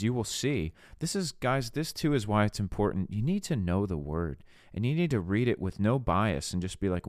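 A man's voice: fairly low pitch, clear, resonant tone, no echo, studio quality. A man preaching in a casual, earnest way as a podcast host, reading scripture and talking it through. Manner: earnest, conversational, slips into voicing skeptics. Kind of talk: casual sermon-style teaching.

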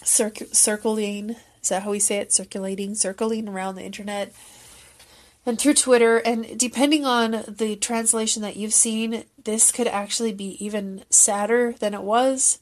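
A woman's voice: mid-range voice, steady tone, moderate pace. A woman giving an emotional, earnest and rambling casual recap of a concert as a fan video creator.

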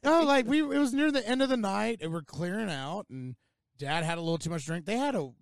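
A man's voice: sits high, expressive, fairly quick, creaky, no echo, studio quality. A man chatting casually as a podcast co-host outdoors, laid-back and profane, laughing often. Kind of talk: casual chat.

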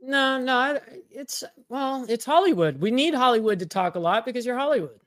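A man's voice: extremely high pitch, lively intonation, a little fast, fairly bright tone. Laid-back, modest radio co-host man. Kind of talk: casual radio chat.

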